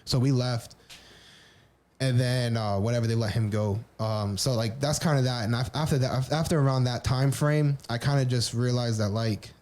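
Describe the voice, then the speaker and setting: A man's voice: medium pitch, moderate pace, a little mellow. A man on a podcast candidly telling his personal story, rambling with frequent restarts and casual swearing. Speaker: podcast co-host.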